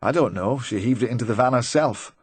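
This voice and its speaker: A man's voice: mid-range voice, a little fast, breathy edge, no room sound, close to an everyday voice. A man voicing a nervous, talkative middle-aged van driver who rambles and tries to joke his way through questioning. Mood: chatty, uneasy. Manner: rambling, eager to please, forced joviality.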